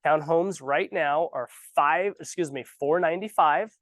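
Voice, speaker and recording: Give me an animated, sarcastic man coaching new agents in a dry room. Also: a little high, unhurried, no room sound. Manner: animated, ranting, sarcastic asides. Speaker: real estate trainer. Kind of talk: casual training talk. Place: office training room.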